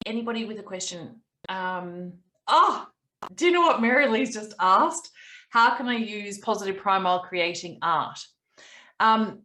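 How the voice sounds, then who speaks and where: A woman hosting a group mentoring video call, chatting casually with lots of pauses and ums. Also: mid-range voice, bright, forceful tone.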